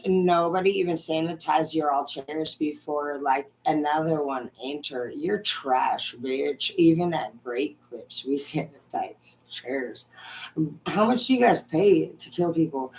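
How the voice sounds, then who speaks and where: Young woman, ranting vlogger, heavy swearing, fierce loud bursts, low grumbling asides, slightly low voice. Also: rough recording. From Washington state. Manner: angry, swears constantly, swings between shouting and muttering. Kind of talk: profane ranting monologue.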